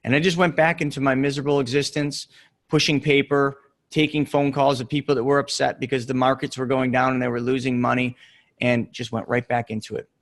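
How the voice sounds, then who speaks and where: A middle-aged man giving an earnest motivational talk, telling a story with emphatic pauses. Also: medium pitch, little pitch movement. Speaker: real estate investor and coach.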